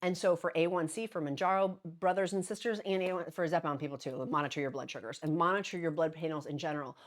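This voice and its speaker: A woman's voice: sits low, steady tone, fast talker. A woman hosting her daily vlog, talking earnestly and encouragingly to viewers, with frequent restarts and little laughs. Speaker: vlogger hosting a daily show. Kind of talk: casual direct-to-camera vlog talk.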